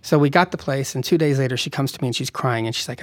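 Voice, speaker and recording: A man, a film director, telling an animated anecdote in conversation and acting out quotes. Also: medium pitch, racing, dry recording. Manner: animated storyteller, acts out quotes, laughs often.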